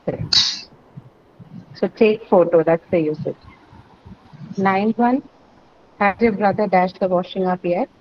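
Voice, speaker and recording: A woman's voice: medium pitch, slow, long pauses, lo-fi sound. Patient woman teaching an online English class. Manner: patient, explanatory, repeats "correct" and "right".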